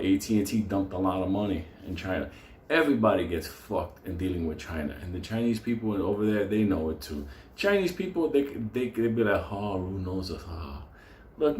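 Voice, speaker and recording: A man's voice: lowish voice, a little mellow. Profane fired-up man ranting, roomy sound. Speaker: stock market show host. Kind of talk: unscripted rant. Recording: roomy echo with faint noise.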